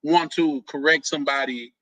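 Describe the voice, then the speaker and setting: A man's voice: a little high, steady tone, normal speed, crowd noise, poor audio. A man hosting a casual live stream chat, joking, stumbling over and repeating words, and laughing often.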